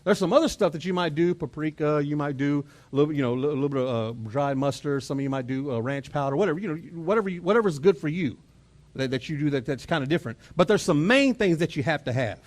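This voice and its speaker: Chatty Texan pastor with a lively sermon. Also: male voice, fairly high pitch, fast. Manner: conversational, repeats words while revving up; chuckles and mimics family exchanges. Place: church auditorium.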